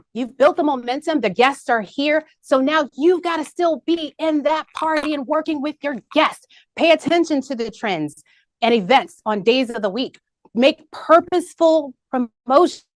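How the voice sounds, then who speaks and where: A woman's voice: a little high, no room sound. A woman presenting to a team in an upbeat business meeting, peppy and rallying, repeating key points. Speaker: marketing presenter. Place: video call meeting.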